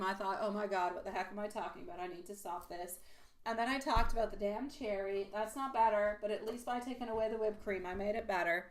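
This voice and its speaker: A woman's voice: medium pitch, moderate pace. A woman giving a live tarot reading to her viewers. She talks in a chatty, rambling way, full of fillers and restarts. She calls people sweetie and dear. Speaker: tarot reader.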